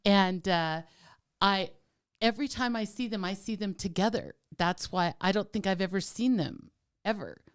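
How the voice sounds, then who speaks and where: Medium-pitched and smooth, this woman talks at normal speed as a podcast co-host. Easygoing and teasing with a warm heart, she leans heavily on "like" and "um".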